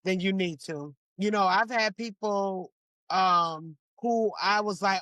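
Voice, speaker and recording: A woman's voice: mid-range voice, takes it slowly, no echo. A woman speaking as a guest on a faith podcast, giving earnest advice in casual conversation. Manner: earnest, warm advice-giving, exclaims to the Lord. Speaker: podcast guest, church mentor.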